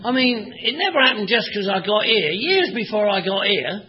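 High-voiced London man telling his story. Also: very animated, normal speed. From Northwest London. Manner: wry, profane storytelling with repetitions. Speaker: speaker at a recovery meeting. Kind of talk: personal testimony. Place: meeting room with an audience. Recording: dull lo-fi recording, faint audience.

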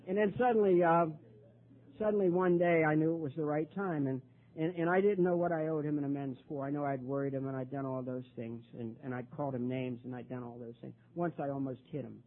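An older man telling his own recovery story at a meeting, halting and repeating words, his voice rising when he gets worked up. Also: fairly high pitch, fairly even intonation. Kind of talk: personal testimony talk. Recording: tinny phone-like recording.

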